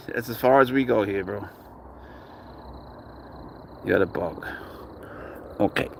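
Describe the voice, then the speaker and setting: A man's voice: fairly low pitch, vocal fry, slight background noise. A man filming his cat at an outdoor playground, chatting casually with profane, exasperated banter. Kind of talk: casual vlog chat.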